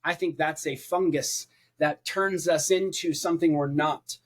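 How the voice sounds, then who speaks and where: A man preaching in a casual, conversational way as a podcast guest, with his voice pitched somewhat high for a man. He leans on emphatic repetition and piles up rhetorical lists to drive his points home. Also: steady tone, measured pace.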